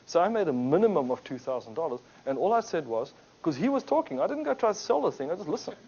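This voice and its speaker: Talking quickly in a voice on the high side with a breathy edge, a man tells anecdotes during a business talk to a group. He animatedly plays the characters and acts out their quotes, captured on a dull lo-fi recording.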